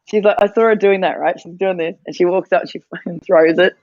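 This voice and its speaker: A woman's voice: fairly low pitch, steady tone, fairly quick, no echo, muffled recording. A woman co-hosting a morning mindset session, telling a family story in a chatty, rambling way and laughing often. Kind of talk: casual chat, storytelling.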